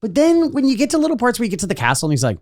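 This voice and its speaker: A man's voice: extremely high pitch, rapid-fire. A man co-hosting a podcast, chatting casually and animatedly, swearing and acting out lines from games. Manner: animated, swears a lot, acts out game lines. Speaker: podcast co-host. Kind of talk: casual chat.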